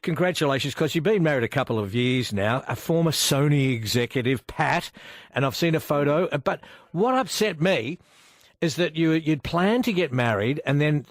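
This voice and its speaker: A man's voice: on the high side, lively intonation, moderate pace, no room sound, clean studio sound. A man hosting a radio interview, asking enthusiastic, rambling questions. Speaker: radio host. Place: radio studio.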